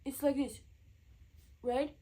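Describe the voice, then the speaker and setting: A woman with a high voice gives an online pronunciation lesson. She talks very slowly and deliberately, repeating each sound several times for practice. Her delivery is patient and carefully paced for learners. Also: level tone, warm tone. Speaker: language teacher.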